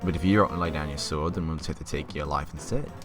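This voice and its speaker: A man's voice: very deep voice, fast talker, recorded from a distance. A young man voicing a sneering, bullying enemy soldier in a put-on Australian accent, over game music. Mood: taunting. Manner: mocking, bullying.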